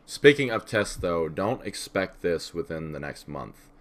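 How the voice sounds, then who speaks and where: Deep-voiced, animated man in casual chat. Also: measured pace. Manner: scattered, profane, animated, with vocal fry. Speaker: podcast co-host.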